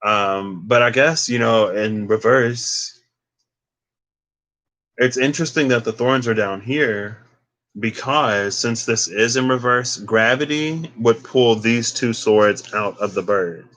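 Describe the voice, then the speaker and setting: A man's voice: mid-range voice, takes it slowly, fairly bright tone. A young man reading tarot casually for a vlog, rambling and digressing with plenty of fillers. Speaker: tarot reader.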